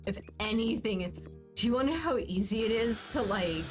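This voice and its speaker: A woman's voice: medium pitch, normal speed, music in the background. A woman casually chatting while streaming a game, rambling and answering her chat as she plays.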